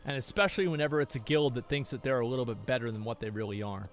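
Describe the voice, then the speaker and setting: A man telling a casual story in an animated, profane way, acting out his friends' quoted lines. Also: medium pitch, rapid-fire, soft background music.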